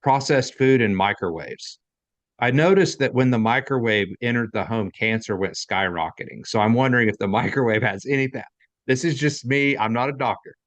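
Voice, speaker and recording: A man's voice: mid-range voice, normal speed, dry recording. A man hosting an interview, asking long, candid, rambling questions. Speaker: podcast host. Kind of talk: conversational interview.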